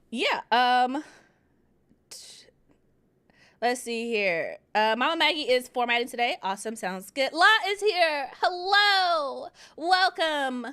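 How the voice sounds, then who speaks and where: Woman host, fairly high voice, chatty livestream storyteller reading chat at her desk. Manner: chatty, animated storytelling, reads chat aloud. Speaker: livestream host of writing sprints.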